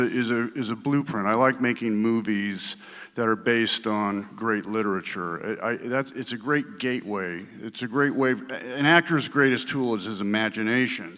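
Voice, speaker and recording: A man speaks from a theater stage, his answer halting and musing before it swings into dramatic bursts. His pitch sits mid-range for a man. The sound carries a long hall reverb from the auditorium. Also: a bit bright. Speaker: lead actor at film Q&A. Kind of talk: panel Q&A answer.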